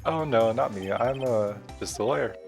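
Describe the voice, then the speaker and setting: A man's voice: mid-range voice, moderate pace, vocal fry, a little mellow, close to an everyday voice. A man reading as an earnest young lawyer. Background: game music.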